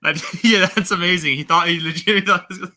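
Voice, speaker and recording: A man's voice: high-pitched, fairly even intonation, rapid-fire, bright, forceful tone. A man co-hosting a casual review chat, jokey, tossing in trivia and laughing often. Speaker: co-host.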